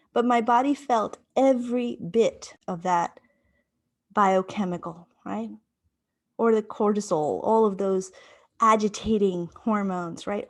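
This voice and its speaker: Woman giving a reflective public talk. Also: mid-range voice. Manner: speaks in repeated rhythmic phrases; checks in with listeners, asking "right?". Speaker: invited speaker. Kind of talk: public talk with personal storytelling.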